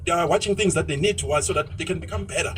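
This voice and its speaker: Fast-talking South African man, high voice. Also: a bit bright, far from the mic, slight background noise, rough recording. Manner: rapid, outspoken, mixes in Zulu words. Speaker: vlogger. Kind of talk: casual opinionated monologue while driving. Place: inside a moving car.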